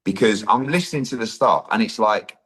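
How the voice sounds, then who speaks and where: A man's voice: on the low side, fairly quick. A middle-aged man, a boxing promoter, telling a story in an interview and acting out the dialogue. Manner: animated, acts out quoted dialogue, says "blah, blah, blah".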